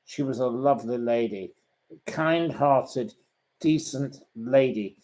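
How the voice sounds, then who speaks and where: Brief: man, host, talks slowly and bluntly, fends off questions with indignation. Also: medium pitch, darkish tone, low-quality recording. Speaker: host answering viewer questions. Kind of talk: casual live-stream chat.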